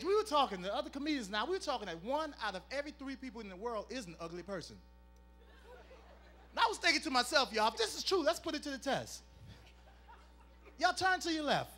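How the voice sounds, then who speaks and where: A man's voice: very high-pitched, bright, forceful tone. A man performing clean stand-up comedy, playful and teasing the crowd.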